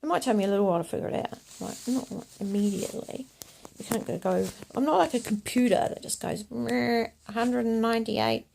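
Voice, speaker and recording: A woman delivering a rambling monologue to camera, often dropping to a hushed whisper. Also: mid-range voice, expressive, fast, gravelly, a little hiss or hum. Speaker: video blogger.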